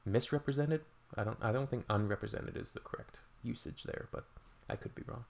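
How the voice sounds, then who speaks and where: A man's voice: fairly low pitch, level tone, a little fast, gravelly. A man from Canada, hosting a reaction video with dry, sarcastic asides in casual commentary.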